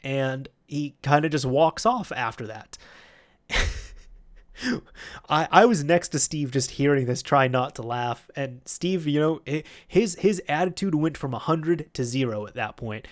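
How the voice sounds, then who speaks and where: A man's voice: a little high, expressive, unhurried. A man tells a story from his old job in a loose, chatty vlog style. He keeps adding fillers and restarting his sentences. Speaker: YouTube host.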